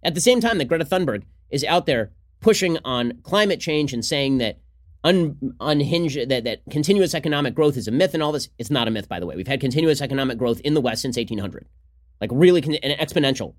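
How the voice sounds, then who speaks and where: A man hosting a political podcast, talking fast in a combative, sarcastic solo commentary. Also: mid-range voice, lively intonation.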